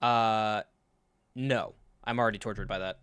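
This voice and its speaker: A man hosting a live reaction stream, talking in an animated, sarcastic way, swearing freely and acting out scenes. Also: on the low side, measured pace, clear, resonant tone, no echo. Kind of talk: casual live reaction commentary.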